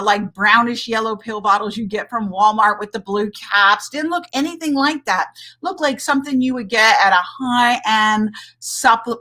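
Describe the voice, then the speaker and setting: A woman from the United States speaks as a hormone coach and doctor on a casual livestream. Her voice is bright and pitched a little high, and she talks in an animated, indignant way, reading viewer comments aloud.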